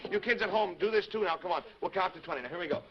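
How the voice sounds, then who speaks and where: A man with a high voice hosts a live children's show, coaxing the kids in a friendly way. The sound is dull and lo-fi, with steady hiss from an early 1950s TV recording. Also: very fast. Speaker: children's TV host. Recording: noisy lo-fi 1950s TV broadcast.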